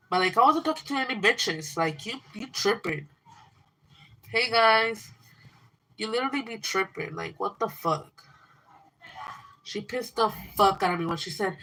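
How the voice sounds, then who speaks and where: A woman's voice: mid-range voice, pushed and bright, low-quality recording. A teenage girl ranting angrily on a livestream, swearing a lot and retelling a fight with a friend. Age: teens. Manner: angry, profane, fast ranting storytelling. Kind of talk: livestream rant.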